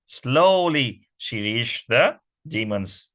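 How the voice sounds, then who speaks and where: Bright, lively male storyteller for kids. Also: medium pitch, extremely slow, poor audio. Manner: animated, questions the kids often. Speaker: children's class teacher. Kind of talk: storytelling to children.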